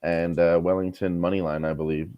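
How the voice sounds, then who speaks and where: Deep-voiced laid-back man, dull sound. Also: level tone, fairly quick. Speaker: co-host of a betting stream. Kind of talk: casual chat.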